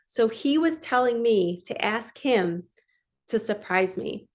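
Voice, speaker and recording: A woman's voice: on the high side, expressive, takes it slowly, a little mellow. Earnest woman in her thirties coaching. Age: 30s. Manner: earnest, emphatic, repeats mantras. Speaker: spiritual coach. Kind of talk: casual inspirational monologue.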